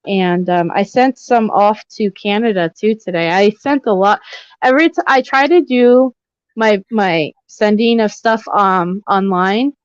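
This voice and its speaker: Chatty young woman, smooth but dull audio. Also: medium pitch, a little slow, no echo. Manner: chatty, rambling with many fillers. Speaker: livestream host. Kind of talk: casual livestream chat.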